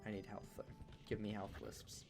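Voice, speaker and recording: A man's voice: lowish voice, monotone, moderate pace, music in the background. A man streaming a game and chatting casually with his viewers in a playful, jokey, rambling way, full of fillers. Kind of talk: casual live-stream chat while gaming.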